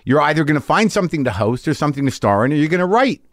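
A middle-aged man from New Jersey hosting a casual interview chat in a garage studio, talking in a wry, needling way with halting restarts. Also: on the high side, big pitch swings, no room sound. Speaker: podcast host.

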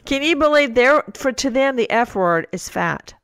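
A woman's voice: high voice, lively intonation, moderate pace, clean tone, dry recording, studio quality. A middle-aged woman co-hosting a podcast, telling stories with incredulous outbursts. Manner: storytelling, quoting her kids with incredulous outbursts. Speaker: co-host. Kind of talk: animated true-crime podcast chat.

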